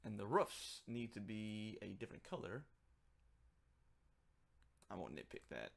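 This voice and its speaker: A man's voice: fairly low pitch, big pitch swings, unhurried, creaky. A man talking casually on a livestream as he works, rambling, joking and muttering to himself. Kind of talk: casual livestream chat while working.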